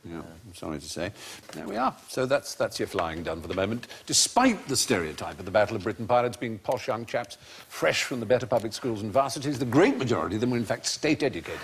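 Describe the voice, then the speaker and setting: A male quiz host with a lively, swooping voice at a middle pitch. He sounds erudite and wry, lightly amused as he steers the panel. There's a faint hiss behind him. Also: fast talker. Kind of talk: hosting a comedy panel quiz.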